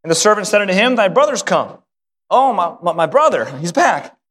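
A male pastor preaching a sermon, telling a story with lively acted voices and repeating words when excited. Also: high-pitched, a little fast. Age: adult, married. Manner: animated storytelling, acting out voices of the father and son. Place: church sanctuary. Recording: hall reverb.

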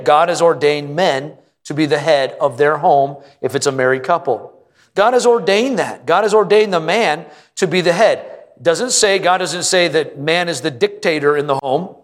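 A male pastor delivers a sermon with a slightly high voice, pressing his points with repetition and climbing emphasis. His words ring with the long reverb of a church hall. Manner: emphatic preaching, rising to an excited pitch on repeated lines.

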